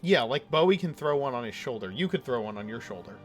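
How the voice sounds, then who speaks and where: A man running a tabletop game as dungeon master, describing scenes casually and halting on lots of fillers. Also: mid-range voice, animated, soft background music.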